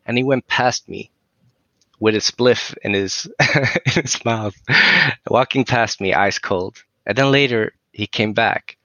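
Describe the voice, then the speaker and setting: Man, Swedish accent, native Swedish speaker, rambling casual storytelling, bright tone. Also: mid-range voice, slow pace, no echo. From southern Sweden. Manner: rambling, fills with "you know", laughs often. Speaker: musician guest.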